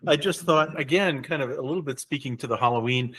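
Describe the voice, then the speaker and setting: A man co-hosting a podcast, speaking in a measured, thoughtful way during a casual chat. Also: medium pitch, fairly bright tone, slightly rough. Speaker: podcast co-host.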